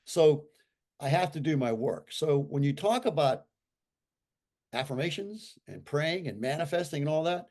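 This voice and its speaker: An older man in his sixties talking as an interview guest, emphatic and animated. His voice sits fairly high for a man and swoops up and down a lot, and he leans hard on repeated phrases. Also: moderate pace. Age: 60s. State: recovering from a stroke. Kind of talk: casual conversational talk.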